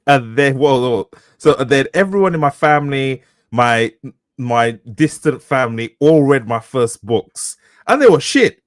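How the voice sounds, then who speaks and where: A man in his thirties from the United Kingdom, co-hosting a casual podcast, telling animated stories and swearing freely. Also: mid-range voice, unhurried, no echo. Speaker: co-host, author.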